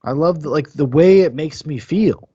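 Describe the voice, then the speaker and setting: A man's voice: fairly high pitch, moderate pace, mellow, breathy edge, no echo, highs cut off. A man hosting a podcast, talking in a rambling, profane, enthusiastic way about a film. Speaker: podcast host. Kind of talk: casual film-review chat.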